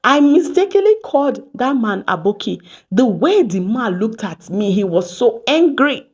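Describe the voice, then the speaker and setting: A Nigerian woman in her thirties from Edo State, telling stories to camera in a lively vlog, slipping into Pidgin and acting out what people said. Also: on the high side, normal speed, breathy edge. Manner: animated, mixes Pidgin phrases, acts out quoted exchanges. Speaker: vlogger. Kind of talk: casual storytelling to camera.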